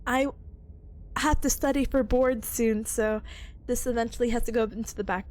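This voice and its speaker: A woman's voice: on the high side, steady tone, moderate pace, darkish tone. A young woman streamer chatting casually with her viewers while sick, giggling often. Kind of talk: casual live-stream chat.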